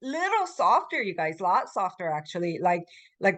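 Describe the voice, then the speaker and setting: A woman's voice: medium pitch, sing-song, unhurried. A woman professor giving a recorded language lecture. She explains with many fillers and acts out example phrases. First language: Korean. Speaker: college Korean language professor.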